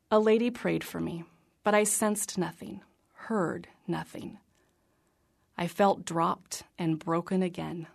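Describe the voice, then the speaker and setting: Earnest, gravelly low woman narrator. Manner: earnest, reflective, drops to a soft whisper on quiet lines. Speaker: narrator reading a personal faith memoir. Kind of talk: scripted narration.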